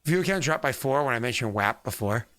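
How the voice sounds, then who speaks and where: A man with a voice gone hoarse from singing, chatting in a rambling, self-deprecating way as he hosts a tabletop game stream. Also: medium pitch, lively intonation, quick pace, a bit bright, dry recording. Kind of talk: casual chat on a live stream.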